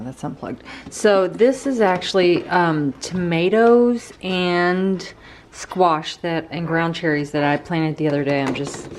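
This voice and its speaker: A woman with a slightly low voice talks through her gardening chores in a relaxed, upbeat vlog. She chats outdoors, with a faint background hiss. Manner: chatty, upbeat, narrating her own chores. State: out of breath after yard work. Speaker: gardening vlogger. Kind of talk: casual vlog narration.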